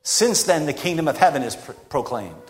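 A man preaching a sermon in an emphatic, rhetorical way with dramatic pauses. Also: on the high side, expressive. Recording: long reverb of a large hall.

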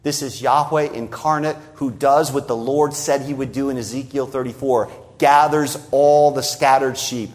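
A man preaching an expository sermon, stressing key phrases and quoting scripture slowly for emphasis. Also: steady tone. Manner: emphatic, rising on key phrases and dropping low at the ends of lines; repeats words for stress and quotes scripture in a slowed voice.

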